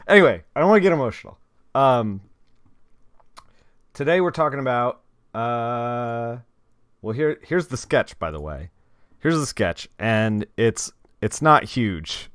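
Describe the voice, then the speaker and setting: A man's voice: mid-range voice, no room sound, clean studio sound. A young man chatting casually with his viewers on a live stream, rambling and talking straight to them.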